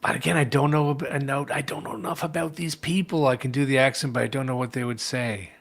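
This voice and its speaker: A man's voice: mid-range voice, steady tone, quick pace, gravelly. A man co-hosting a podcast in casual chat, rambling, swearing and laughing often. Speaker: podcast co-host.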